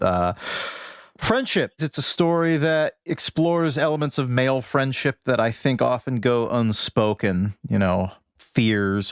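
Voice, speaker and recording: A man's voice: lowish voice, smooth, no room sound, studio quality. A man from the Boston area co-hosting a podcast, earnest and articulate as he sets up the topic. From Boston area, USA. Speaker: podcast co-host. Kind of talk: casual podcast chat.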